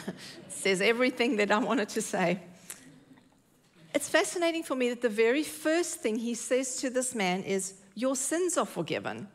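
A woman's voice: fairly high pitch, lively intonation, normal speed. A woman preaching a sermon in church, earnest and emphatic, repeating her key phrases.

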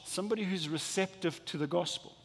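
Man, pastor, sermon, animated, acts out dialogues, slightly husky, long hall reverb. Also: high-pitched, fairly quick. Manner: animated, acts out little dialogues with stammering restarts.

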